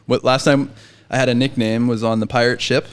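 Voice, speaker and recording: A man's voice: medium pitch, little pitch movement, brisk, clear, resonant tone. A man co-hosting a casual podcast, joking around with friends and slipping into silly spooky voices. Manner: playful, drifts into mock spooky voices. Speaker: podcast co-host. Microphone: studio mic with headphones.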